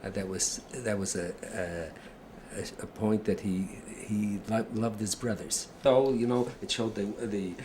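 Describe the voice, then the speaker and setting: An older man reminiscing about family, telling stories in a halting way with chuckles. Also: on the low side, fairly even intonation, background noise. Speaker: family storyteller. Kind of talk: casual reminiscing.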